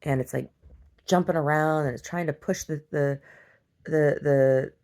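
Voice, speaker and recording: A woman vlogger casually retelling a dream in a rambling, animated way, full of restarts. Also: low-pitched, unhurried. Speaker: video diary vlogger. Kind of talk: casual storytelling to camera.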